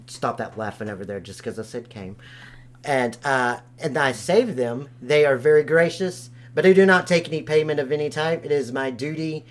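A man's voice: a little high, moderate pace. A man improvising a crude contestant character, rambling and boastful with constant swearing. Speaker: game show contestant. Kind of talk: crude improvised role-play.

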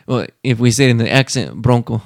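Gravelly-voiced man cracking jokes. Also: medium pitch, big pitch swings, no room sound, clean studio sound. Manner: joking, chatty, drawn-out asides. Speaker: podcast co-host. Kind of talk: casual chat.

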